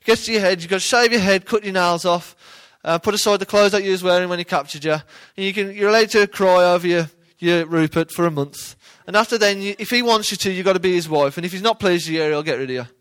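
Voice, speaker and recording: A man's voice: high-pitched, quick pace, few pauses, fairly bright tone, clean tone. A man giving informal Bible teaching in a conversational way, often checking in with his listeners. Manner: conversational, questioning the audience.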